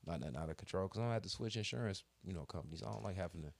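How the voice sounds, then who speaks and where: A man's voice: low-pitched, racing, creaky. A man co-hosting a podcast in casual chat, telling a story with heavy cursing and slang. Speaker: podcast co-host.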